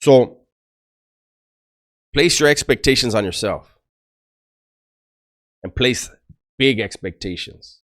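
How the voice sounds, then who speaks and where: A man's voice: medium pitch, expressive, takes it slowly, pauses often, fairly bright tone. Blunt, profane middle-aged man. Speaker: former prisoner giving life advice. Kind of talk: casual storytelling to camera.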